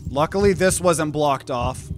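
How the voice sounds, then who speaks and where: A man's voice: on the high side, unhurried, music in the background. A young man giving tense play-by-play commentary as he plays a video game. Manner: tense whispery play-by-play, bursts into yelling. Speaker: gaming YouTuber. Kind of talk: live gameplay commentary.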